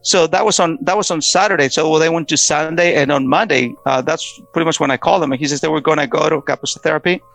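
A man telling his own story in a halting, conversational way, acting out what others said. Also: a little high, creaky, a bit bright, faint music behind. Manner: halting, restarts, acts out quoted voices. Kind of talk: personal testimony, casual storytelling.

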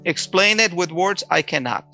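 A man telling his personal faith testimony, emotional and halting, often restarting his words. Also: high voice, lively intonation, gravelly, bright, forceful tone, muffled recording, faint music behind.

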